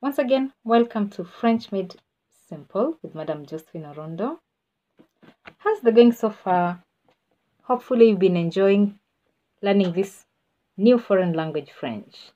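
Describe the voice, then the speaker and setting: A woman's voice: medium pitch, animated, a little slow, long pauses, highs cut off. A woman teaching a beginner language lesson, patient and repeating words for the learner to follow. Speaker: French teacher. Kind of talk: slow spoken language lesson.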